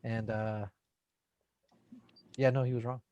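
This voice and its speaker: A man's voice: mid-range voice, flat delivery, takes it slowly, a little mellow, lo-fi sound. A man co-hosting a casual podcast, answering with short, wry remarks and laughing along. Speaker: podcast co-host. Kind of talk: casual chat. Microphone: remote call mic.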